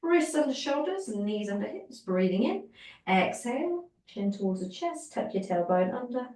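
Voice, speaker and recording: A woman teaching a guided Pilates session, giving calm, encouraging step-by-step cues for breathing and movement. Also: on the high side, moderate pace, far from the mic. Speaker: Pilates instructor. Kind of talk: guided exercise class. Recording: roomy echo, voice from off the mic.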